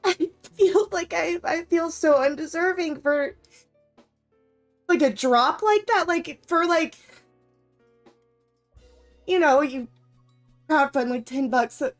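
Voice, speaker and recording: A woman's voice: high-pitched, slow pace, long pauses, faint music behind. A woman game streamer chatting casually to her viewers, emotional and stammering, often laughing as she talks. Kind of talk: casual live-stream chat.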